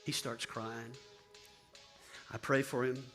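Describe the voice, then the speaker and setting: A man's voice: medium pitch, level tone, slow, music in the background. A middle-aged male pastor telling a sermon story, acting out the dialogue with rising intensity.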